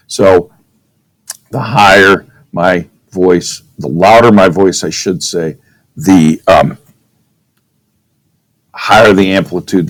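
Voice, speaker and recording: Slow, low-voiced male teacher. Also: steady tone, dry recording, rough recording. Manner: casual, checks in with "okay?", demonstrates with his own voice. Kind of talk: classroom physics lecture.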